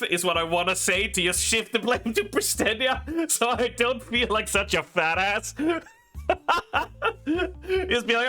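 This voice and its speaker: Bright-voiced Australian man streaming. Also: very high voice, expressive, takes it slowly, pauses often, soft background music. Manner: rambling, laughing often, many fillers. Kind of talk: casual chat while gaming.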